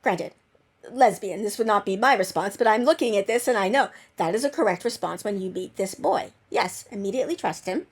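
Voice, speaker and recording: A woman hosting her own channel, chatting about a TV episode in a rambling, excitable way, full of "like" and gushing bursts. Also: mid-range voice. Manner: excitable and gushing, with quick bursts of squealing delight. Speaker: channel host reviewing a TV episode. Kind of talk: casual chat over episode footage.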